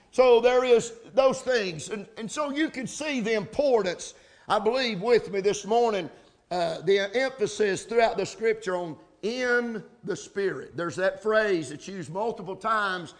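A man preaching a sermon, building from steady teaching to shouted emphasis, spelling out key words. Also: high-pitched. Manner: rising to shouts, spelling out words, answering amen. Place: church service.

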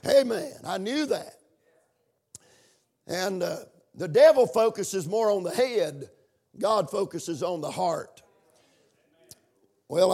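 High-voiced man preaching in a sing-song chant. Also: darkish tone. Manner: chanting, sing-song preaching cadence with call-and-response amens. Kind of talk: sermon.

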